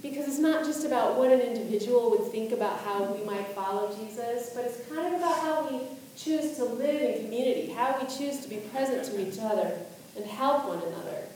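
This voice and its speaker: Preaching a sermon, a woman pastor reads scripture and asks reflective questions in a somewhat high, slightly mellow voice at a slightly fast pace. The recording picks her up from afar in an echoey room with a little background noise.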